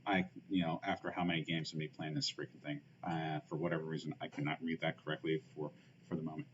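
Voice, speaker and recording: While streaming a card game, a man thinks out loud in casual commentary packed with fillers and muttered asides. His voice rumbles low with a level tone and a quick pace, over dull, lo-fi stream audio with a faint hiss.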